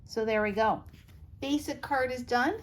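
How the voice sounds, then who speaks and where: A woman's voice: a little high, measured pace. A middle-aged woman hosting a craft tutorial, chatty and reassuring as she gives practical tips step by step.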